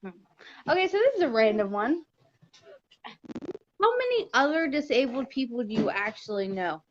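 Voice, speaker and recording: A woman's voice: a little high, very animated, moderate pace, dull audio, a little hiss or hum. A woman, a mother hosting a casual livestream from her home at night, chatting while she gets distracted and talks to her toddler. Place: home living room at night.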